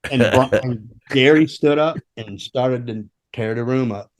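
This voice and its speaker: Swearing freely, this man spins road stories as a podcast guest and former roadie, acting out the voices of everyone he quotes. His voice is mid-range and unhurried, and the chat stays casual and animated.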